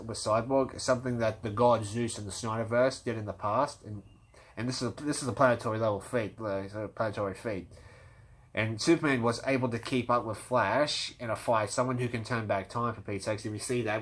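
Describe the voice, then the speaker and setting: Man, lowish voice, casual fan commentary; stuttery, rambling, enthusiastic. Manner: rambling, frequent restarts and stutters. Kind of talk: casual fan debate monologue.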